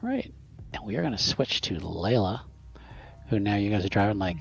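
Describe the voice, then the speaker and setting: A man's voice: fairly low pitch, big pitch swings, brisk, creaky, highs cut off, slight background noise. A man narrating as game master of a tabletop game, rambling with many restarts and jokes. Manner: rambling, lots of fillers and restarts, jokey.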